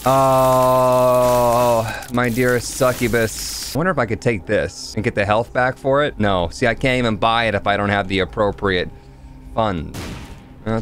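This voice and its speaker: A man hosting a gaming channel, giving chatty let's play commentary with sudden excited yelps. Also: medium pitch, a little hiss or hum.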